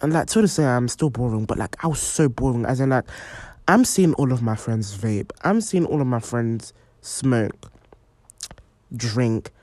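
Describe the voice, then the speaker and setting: Animated young woman telling a story. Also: rumbling low, a little slow, dry recording. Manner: animated, many fillers, acts out quoted voices. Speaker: podcast host. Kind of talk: personal storytelling.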